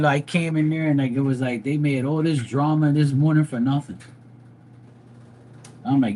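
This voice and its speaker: A man's voice: on the high side, normal speed, slight background noise. Exasperated, cursing middle-aged man. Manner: exasperated, profane, animated storytelling. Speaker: live stream host. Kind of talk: casual rant to viewers. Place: at home by a running dryer.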